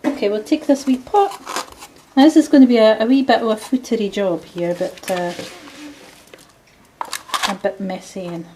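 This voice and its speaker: A woman's voice: mid-range voice, normal speed, pauses often, noisy background. A Scottish woman chatting casually as she shows a recipe at home in her kitchen. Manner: chatty, homely, talks while working. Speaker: home vlogger.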